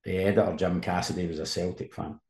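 Low-voiced man spinning a yarn. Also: flat delivery, fast talker, vocal fry, a little mellow. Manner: rambling, storytelling with restarts. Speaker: guest, sports journalist. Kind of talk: casual anecdote telling. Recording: roomy echo.

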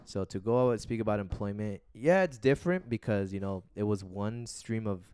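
Deep-voiced man rambling casually. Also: brisk, darkish tone, clear, resonant tone. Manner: rambling, laid-back, swears casually. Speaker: podcast co-host. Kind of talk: casual podcast chat.

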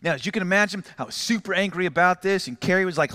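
A man's voice: on the high side, fast talker, hardly any pauses, bright, forceful tone. A middle-aged man preaching a sermon as pastor, telling stories with acted quotes and self-mocking humor.

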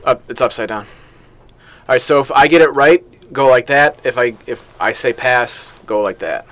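A man's voice: medium pitch, normal speed, a bit bright, dry recording. A man hosting a podcast, running a party game in a newspaper office studio, playful and laughing often. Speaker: podcast host.

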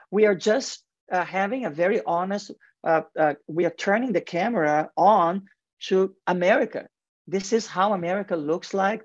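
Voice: mid-range voice, dry recording. A guest in marketing and advertising speaks earnestly in a radio interview with a heavy accent and frequent restarts. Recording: dull lo-fi radio sound, dry.

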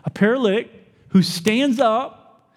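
A man preaching a sermon as pastor, animated, asking the crowd questions and acting out the people he quotes. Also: very high-pitched, unhurried, big-room sound.

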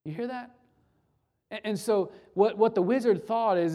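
A man preaching a sermon in a conversational way. He often restarts his words and drops into soft, hushed stretches. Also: high-pitched, moderate pace. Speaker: pastor.

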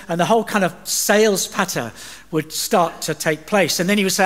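English preacher in a reverberant church. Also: male voice, high-pitched, moderate pace. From England. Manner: chatty, joking asides between readings. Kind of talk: sermon with scripture reading. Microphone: livestream recording.

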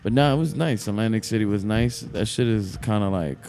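A man's voice: fairly low pitch, brisk, gravelly, over music. A young man co-hosting a podcast, laid-back and drawling in casual chat. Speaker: podcast co-host.

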